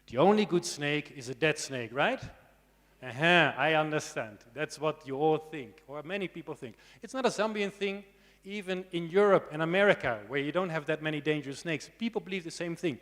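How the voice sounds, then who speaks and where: A man's voice: a little high, a little fast, fairly bright tone. A man giving a conversational lecture on snakes to students, often checking in with the audience through tag questions and dry asides. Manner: dry humor. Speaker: snake expert giving a conference talk. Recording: long hall reverb.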